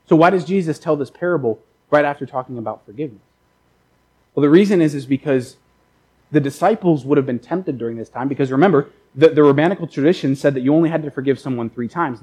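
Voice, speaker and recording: A man preaching a sermon in a loose, conversational way, stumbling over repeated words and filling gaps with "like." He slips into quick acted-out voices for the people in his examples, and his voice sits a bit higher than most men's. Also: mellow, slightly rough, rough recording. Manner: acts out characters in quoted asides. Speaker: pastor.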